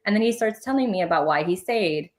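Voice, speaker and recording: Here a spiritual medium speaks as a podcast guest, her mid-range voice quick, a little mellow, and lively in intonation. She tells personal stories casually and ramblingly in the interview, full of filler words.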